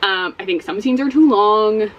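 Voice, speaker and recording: A woman giving a casual spoken book review as a vlogger, animated and exasperated, swearing often. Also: medium pitch, moderate pace, highs cut off, a little hiss or hum.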